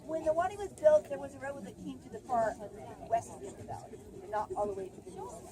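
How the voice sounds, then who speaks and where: Brief: animated woman ranger telling stories outdoors, high voice, noisy open-air camera audio. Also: fairly quick. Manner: animated storytelling, shouts out lines. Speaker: park ranger. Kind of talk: spirited outdoor ranger talk. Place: outdoor amphitheater at sunset.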